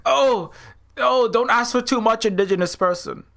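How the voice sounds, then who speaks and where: A man's voice: very high voice, moderate pace, creaky, a bit bright, heavily acted. A man putting on a smug, condescending male official who talks down to would-be rebels in a mocking singsong. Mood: patronizing.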